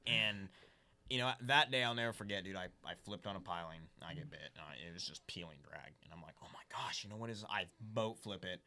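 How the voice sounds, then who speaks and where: A man's voice: sits low, brisk, sharp tone. A young man telling casual, rambling fishing stories as a podcast guest, saying "dude" a lot. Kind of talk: casual storytelling chat.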